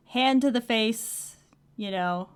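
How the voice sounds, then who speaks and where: Animated woman recapping a comic. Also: a little high, clean tone. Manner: animated, laughs often. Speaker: podcast co-host. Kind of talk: casual chat recapping a comic.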